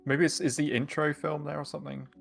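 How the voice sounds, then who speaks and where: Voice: medium pitch, flat delivery, quick pace, creaky, soft background music. A player making wry joking asides in casual chat on a live stream.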